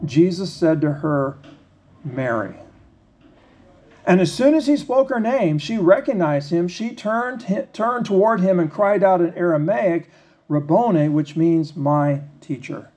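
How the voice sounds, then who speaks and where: A man preaching a sermon, reading scripture slowly and then talking it through in a conversational, questioning way. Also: high voice, animated, a little mellow. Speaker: pastor.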